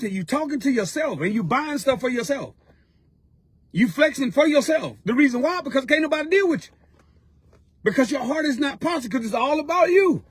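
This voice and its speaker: This very high-voiced man, fairly bright in tone and recorded with no room sound, gives a motivational sermon as a mentor. His exhortation is fervent, repetitive and colloquial.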